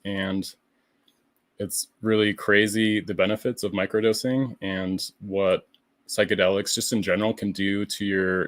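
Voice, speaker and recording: Man, low deep voice, relaxed guest talk, filler words, dry close mic. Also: no room sound. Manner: relaxed, thoughtful, many fillers. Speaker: podcast guest, artist. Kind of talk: casual chat.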